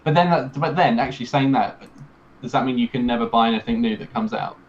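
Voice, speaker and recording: A man's voice: medium pitch, steady tone, quick pace, dull audio. A man, a guest on a podcast, chatting casually with laughing, stammering restarts.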